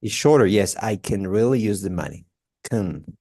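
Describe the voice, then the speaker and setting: A man's voice: lowish voice, expressive, moderate pace, warm tone. A man giving a one-on-one English pronunciation lesson, patiently repeating example sentences with many fillers. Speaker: English tutor.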